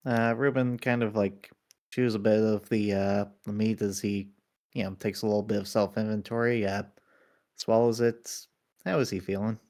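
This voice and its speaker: Low-voiced man narrating his moves. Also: flat delivery, normal speed, darkish tone. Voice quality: hesitant, many fillers. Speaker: player. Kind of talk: narrating his character's actions.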